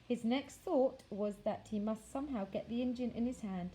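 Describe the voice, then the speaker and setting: A woman teacher reading a children's novel aloud, with expressive, measured storytelling that slows for dramatic phrases. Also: on the high side, low-quality recording.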